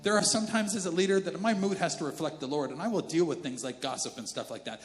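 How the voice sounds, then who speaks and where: A male pastor preaching a sermon in a casual, animated, conversational way. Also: fairly high pitch, fast talker, few pauses. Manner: conversational and animated, slips into character voices. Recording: reverberant church hall with faint music.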